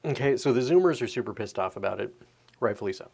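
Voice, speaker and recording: A man's voice: mid-range voice, animated, quick pace, vocal fry, a little mellow, breathy edge. Profane, rambling man ranting. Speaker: podcast host. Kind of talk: casual opinion rant.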